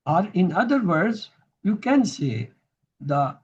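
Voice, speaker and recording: A man's voice: sits high, sing-song, takes it slowly, breathy edge, muffled recording. A man teaching grammar in a recorded lesson, patiently repeating each term so students can drill it.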